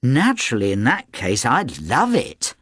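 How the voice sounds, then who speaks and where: A man's voice: a little high, lively intonation, a little slow, no room sound, clean studio sound, pitched above the performer's own voice. A man voicing a sulky, sarcastic teenage girl in an audiobook reading.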